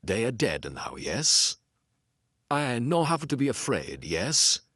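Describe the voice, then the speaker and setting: A man voicing a nervous gangster in a pulp detective story who fakes a foreign accent and speaks halting broken English. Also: mid-range voice, big pitch swings, fairly bright tone, no echo, studio quality, exaggerated voice. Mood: uneasy.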